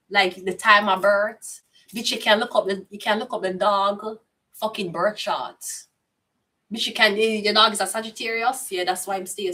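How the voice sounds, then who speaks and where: A woman's voice: mid-range voice, a bit bright, distant mic. A woman with a Jamaican accent giving a casual tarot reading, blunt, chatty and profane in patois. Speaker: tarot reader.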